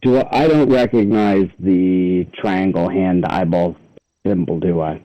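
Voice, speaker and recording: A man's voice: low voice, a little slow. A man playing a tabletop role-playing game, answering tersely and bluntly. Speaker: player. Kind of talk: casual tabletop play. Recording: dull, lo-fi sound.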